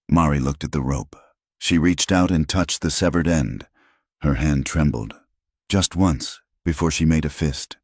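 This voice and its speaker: Male narrator, very low voice, measured scripted storytelling, dry. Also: breathy edge, dry recording.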